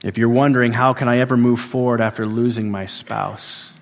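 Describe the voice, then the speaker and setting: Preacher in a reverberant church hall. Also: male voice, mid-range voice, fairly even intonation, brisk, gravelly. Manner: swings from loud emphatic peaks to soft hushed endings; repeats phrases for emphasis. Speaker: pastor. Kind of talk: sermon.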